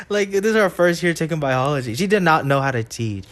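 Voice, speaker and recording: A man's voice: fairly high pitch, animated, fairly quick, fairly bright tone. A young man co-hosting a podcast, telling school stories in casual chat with heavy cursing, laughing as he goes. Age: young adult. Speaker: podcast co-host.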